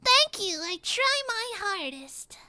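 Very high, bright-voiced woman streamer. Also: very animated, takes it slowly. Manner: playful, jokey, sometimes drops to a murmur. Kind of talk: casual gaming chat.

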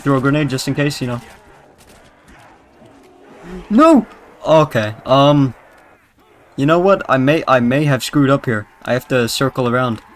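A young man with a British accent giving crude, rambling, jokey commentary while playing a zombie video game. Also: mid-range voice. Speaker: gaming YouTuber. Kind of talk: casual gameplay commentary.

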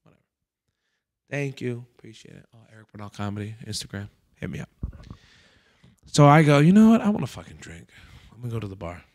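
A man's voice: mid-range voice, quick pace, long pauses. A man hosting a comedy podcast, telling a story in a casual, profane way and acting out other people's quotes as he goes. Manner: profane, animated anecdote-telling with acted-out quotes. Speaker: comedian host.

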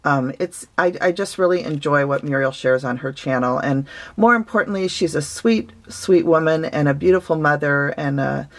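Gushing woman with a low, gravelly voice. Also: normal speed. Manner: gushing, sentimental, many fillers. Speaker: craft vlogger. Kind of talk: casual gift-opening vlog.

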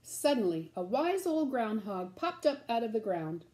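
A woman reading a children's story aloud in a gentle, sing-song, slow way. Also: a little high, very animated, a little hiss or hum.

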